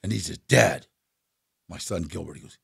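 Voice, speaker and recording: An older man in his seventies, a guest in a casual interview, telling stories with laughter and acted-out quotes in a husky voice. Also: sits low, rapid-fire, darkish tone, no room sound, studio quality. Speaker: guest actor.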